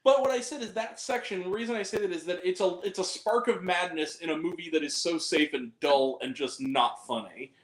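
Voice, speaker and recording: Lively high-pitched man in an echoey room. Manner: animated, profane, quick to laugh and shout. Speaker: podcast host. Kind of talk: casual film review chat.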